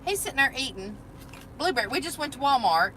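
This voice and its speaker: A woman's voice: sits high, very animated, fast talker, a crowd in the background. A woman chatting casually and teasing, laughing often, in a parked car at night on a phone mic. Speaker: vlogger co-host. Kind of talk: casual live chat. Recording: car noise behind.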